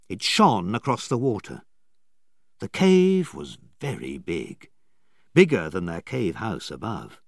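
A man narrating a storybook in a slow, clear and expressive way. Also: lowish voice, dry recording, clean studio sound. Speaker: audiobook narrator.

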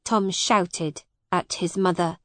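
Slow, deliberate female narrator for an easy-reader storybook, dry studio sound. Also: fairly low pitch, steady tone, a bit bright, dry recording. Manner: slow, clear, simple graded-reader reading.

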